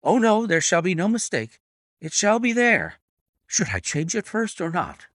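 A man voicing a fierce, bullying elderly horse trainer in a read-aloud detective story, talking loudly and bluster-heavy. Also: medium pitch, sing-song, measured pace, no room sound, studio quality. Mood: cowed. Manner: loud and blustering.

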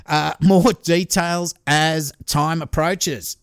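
Gravelly man reading a listener story. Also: fairly high pitch, steady tone, extremely slow, heavy background noise. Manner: casual and profane, chuckles while reading. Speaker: true crime podcast host.

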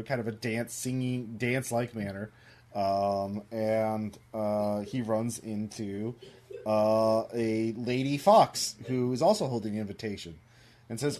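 A man narrating as game master, rambling with many fillers and pauses. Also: on the low side, mellow.

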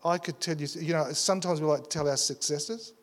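A pastor preaching to his church, caught up in a story he tells with eager energy. His voice sits a little high for a man, and his sentences stumble and restart as he rushes on. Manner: animated storytelling with many restarts and stammers. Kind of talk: sermon.

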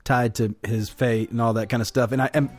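Fast-talking man gushing about a movie. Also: medium pitch, faint music behind. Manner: fast, animated, swears, retells scenes. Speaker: podcast co-host. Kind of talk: casual movie review chat.

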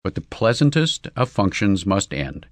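A man narrating a comic story in a measured, wry reading. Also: deep voice, big pitch swings, dry recording.

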